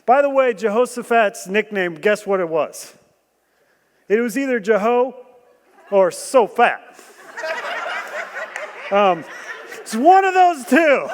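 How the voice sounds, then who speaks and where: A man preaching a sermon, animated and joking, asking the room questions and bursting into loud emphasis. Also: high voice, slow, long pauses, a little hiss or hum. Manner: animated storytelling with jokes and rhetorical questions. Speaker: guest preacher. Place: church hall. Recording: long church hall reverb.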